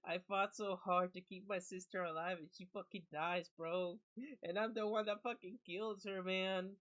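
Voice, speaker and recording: A man streaming a horror game, reacting in casual, excitable chat full of slang and switching between English and Spanish. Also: high-pitched, moderate pace, no room sound, rough recording.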